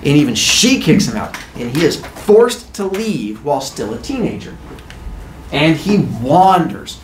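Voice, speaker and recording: Playful male teacher, lively voice. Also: a little high, a little slow, slight background noise. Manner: playful, jokey storytelling. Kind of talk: retelling myth to a class. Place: classroom. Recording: echoey classroom.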